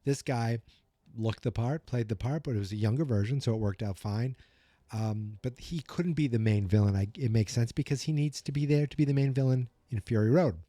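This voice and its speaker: Podcast host, male, Boston accent, rambling and self-correcting, mellow dark tone, dry close sound. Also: mid-range voice, brisk, no room sound. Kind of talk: casual movie review chat.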